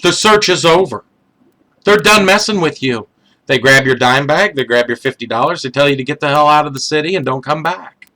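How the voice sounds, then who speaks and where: A man's voice: a little high, a little fast, pushed and bright. A man on a podcast chatting casually, with many hesitant fillers and wry asides. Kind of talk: casual chat.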